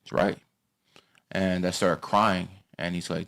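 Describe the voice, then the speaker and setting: A man in his thirties hosting a casual chat, blunt and profane, swinging from loud rants to low asides. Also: monotone, moderate pace, gravelly. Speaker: podcast host.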